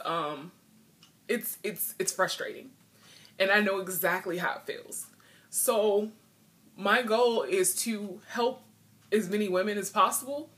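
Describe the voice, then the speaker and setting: A woman's voice: mid-range voice, a bit bright. A woman vlogging in earnest, frank talk, a bit emotional and frustrated as she speaks. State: a little emotional. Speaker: video blogger. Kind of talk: heartfelt vlog talk.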